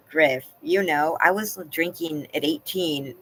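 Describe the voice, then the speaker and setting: A woman's voice: deep voice, measured pace, a bit bright, slight background noise, poor audio. A woman hosting a live stream from home, chatting casually and answering her viewers by name. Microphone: laptop.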